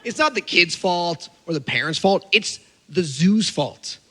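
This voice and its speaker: Animated, bright-voiced stand-up comedian man. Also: high voice, a little slow, in a large hall. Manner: animated, incredulous storytelling. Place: on stage at a comedy show.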